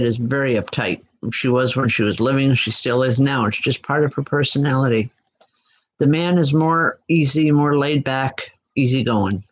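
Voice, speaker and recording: A woman giving live online psychic readings in a gentle, reassuring way, often pausing and restarting her sentences. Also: very deep voice, low-quality recording. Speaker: psychic medium. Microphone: computer mic.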